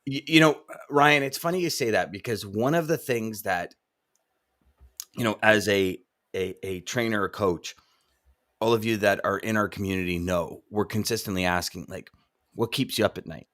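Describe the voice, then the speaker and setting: Guy with a lowish voice hosting a live stream, animated, stumbles and repeats himself. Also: moderate pace. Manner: animated, repeats words, reads viewer comments aloud. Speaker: podcast host and trucking coach. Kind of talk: casual live-stream chat.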